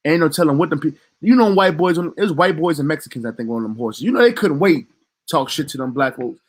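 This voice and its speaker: Indignant man ranting, higher pitched. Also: animated, fast talker. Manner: profane, emphatic, indignant. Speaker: vlogger. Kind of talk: heated commentary rant.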